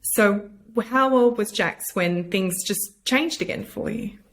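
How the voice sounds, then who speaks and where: A woman hosting a podcast, asking gentle, supportive questions. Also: mid-range voice, slow pace. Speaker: podcast host. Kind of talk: sympathetic interviewing.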